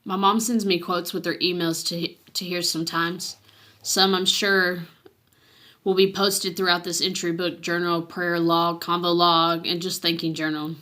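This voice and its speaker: A woman sharing a personal faith testimony in a casual, earnest way, reading from her journal and often pausing and restarting, sometimes dropping to a hush. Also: on the low side, flat delivery. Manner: halting and earnest, with many restarts and fillers.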